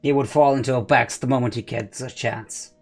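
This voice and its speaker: A man's voice: mid-range voice, steady tone, brisk, vocal fry. Firm man playing a tabletop game. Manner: firm, insistent. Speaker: player. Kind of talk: casual tabletop role-play. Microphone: headset over voice call.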